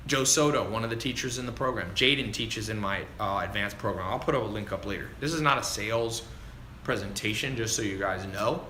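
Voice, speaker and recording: Male livestream coach, casual and chatty, forceful bright tone, faint background ambience. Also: lowish voice, a little fast, a little hiss or hum. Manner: animated and chatty, calls listeners dude and man. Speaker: online business coach answering live viewer questions. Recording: roomy echo with faint ambience.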